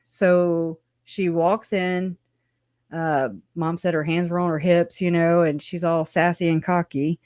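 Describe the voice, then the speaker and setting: Rambly streamer talking at the computer from home, middle pitch, dry sound, swears a bit and laughs a lot. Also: a little mellow, dry recording. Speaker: livestream host. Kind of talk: casual livestream commentary.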